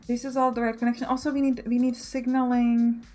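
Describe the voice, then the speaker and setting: A woman's voice: on the high side, flat delivery, a little fast, a little mellow, faint music behind. A woman giving casual let's play commentary, thinking aloud and correcting herself as she plans.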